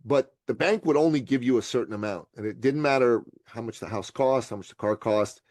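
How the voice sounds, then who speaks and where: A middle-aged man from Iran, telling stories in an interview with lively delivery, acting out other people's voices and laughing often. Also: mid-range voice, fairly quick, dry recording. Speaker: podcast guest, entrepreneur. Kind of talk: animated storytelling interview.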